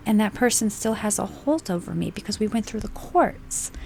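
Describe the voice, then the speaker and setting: Slow, gravelly-voiced woman preaching. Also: medium pitch, a little mellow, slight background noise. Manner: emphatic, swears for stress, slow deliberate phrasing. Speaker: spiritual channel host. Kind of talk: unscripted spiritual monologue.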